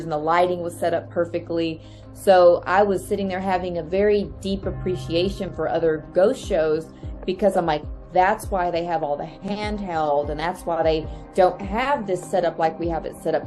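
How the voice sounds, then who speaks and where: A woman recounts a ghost-hunting experience in casual conversation. Her telling is lively, with sudden leaps up in pitch as she acts out her reactions. Soft music plays faintly underneath. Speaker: podcast guest, ghost hunter. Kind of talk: animated storytelling in a casual chat.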